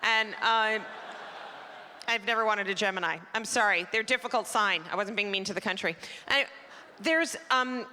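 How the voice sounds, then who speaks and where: Bright-voiced woman doing stand-up. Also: medium pitch, moderate pace. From Canada. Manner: chatty, self-mocking, teasing the crowd. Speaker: stand-up comedian. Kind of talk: stand-up comedy set. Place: large theater stage. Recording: live theater recording, long hall reverb, faint crowd noise.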